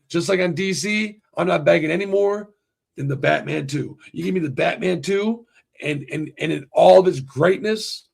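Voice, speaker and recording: A man hosting a livestream in casual chat, talking excitably, swearing a lot and restarting his sentences. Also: on the high side, creaky, breathy edge. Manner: profane and excitable, heavy restarts. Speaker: livestream host.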